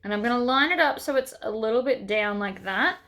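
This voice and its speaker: A woman's voice: on the high side, lively intonation, fairly quick, a bit bright. A woman hosting a sewing tutorial, chatting casually as she works through each step.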